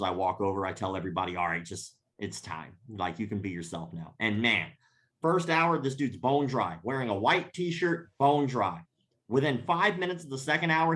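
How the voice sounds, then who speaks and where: Man telling a profane story. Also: mid-range voice. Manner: profane, laughing, animated anecdote telling. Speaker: podcast guest. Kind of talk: casual storytelling.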